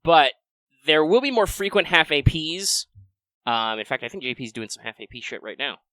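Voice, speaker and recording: A man hosting a casual live-streamed game podcast, chatty and quick through sponsor reads. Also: a little high, expressive, bright, forceful tone, dry recording. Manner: chatty, fast patron list reading. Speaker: podcast host.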